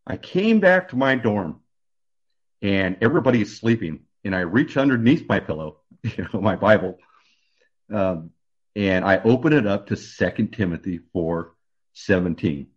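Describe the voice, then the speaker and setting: Husky man giving halting testimony. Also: on the low side, animated, muffled recording. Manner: earnest, halting storytelling with many restarts. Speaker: radio guest. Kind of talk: personal testimony.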